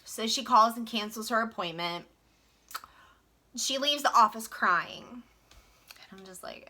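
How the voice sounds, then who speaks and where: A woman's voice: fairly high pitch, unhurried, pauses often, sharp tone. A young woman from Virginia, telling a work story in a chatty, frank way full of fillers. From West Virginia. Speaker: vlogger. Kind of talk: casual storytime venting.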